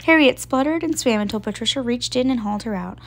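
A woman reading a children's picture book aloud in a gentle, expressive way. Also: on the high side, fast. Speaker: storybook reader.

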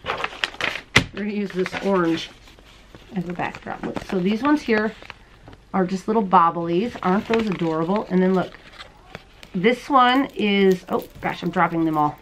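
A woman's voice: mid-range voice, measured pace, pauses often, fairly bright tone, a little hiss or hum, rough recording. Bubbly chatty woman podcast host. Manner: bubbly, chatty, gushes over small things. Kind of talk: casual chat showing mail and gifts on camera. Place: home, late at night. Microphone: camera she handles while showing items.

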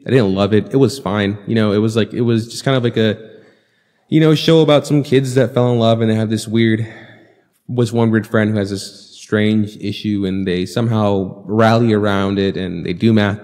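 A man's voice: on the low side, darkish tone, long reverb tail. A man co-hosting a podcast, casually and loosely recapping an anime, swearing freely and acting out lines of dialogue. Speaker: podcast co-host.

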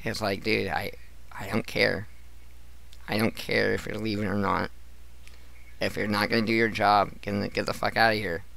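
A man's voice: on the low side, little pitch movement, moderate pace, gravelly, pauses often, bright, forceful tone. A man streaming a casual chat, telling stories in a profane, ranting way and acting out the people in them. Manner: profane, ranting storyteller who acts out coworkers.

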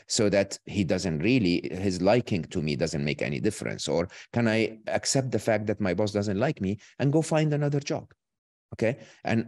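A man speaking as a guest who explains ideas in an animated way and often checks in with "okay?" and "right?". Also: fairly low pitch, no room sound, clean studio sound. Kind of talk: explaining ideas in an online talk.

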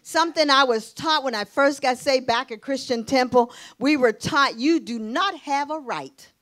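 A middle-aged woman pastor preaching a sermon, telling a personal testimony, dropping to hushed tones and rising to exclamations. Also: high voice, moderate pace. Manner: emotional testimony, shifting between hushed and exclaiming.

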